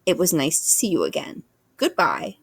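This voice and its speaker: A woman voicing a calm, polite female robot who speaks in a formal, measured way. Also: low voice, slightly rough, no echo, exaggerated voice.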